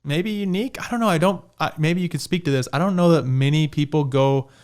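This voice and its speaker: A man's voice: fairly high pitch, quick pace, a little mellow. A man hosting a podcast, chatting casually and poking fun at himself while asking questions. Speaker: podcast host. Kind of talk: casual interview chat.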